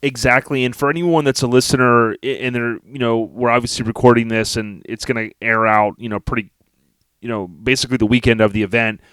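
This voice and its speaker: A man's voice: medium pitch, steady tone, fairly quick, a bit bright, clear, resonant tone, no echo, studio quality. A man hosting a podcast in casual conversation, enthusiastic and full of slang. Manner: enthusiastic, slangy, calls guest dude and man. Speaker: podcast host.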